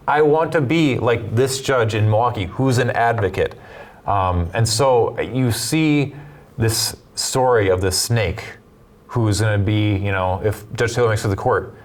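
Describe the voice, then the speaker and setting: Fast, lively male political commentator. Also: on the low side. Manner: animated storyteller, quick bursts when making points. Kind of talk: studio talk commentary.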